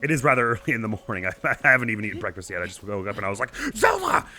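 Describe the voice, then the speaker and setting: A young man with a slightly croaky morning voice, chatting and laughing at himself while playing a video game. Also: on the low side, very fast, pushed and bright. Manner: chatty, giggly, self-deprecating. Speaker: let's play host. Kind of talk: casual game commentary.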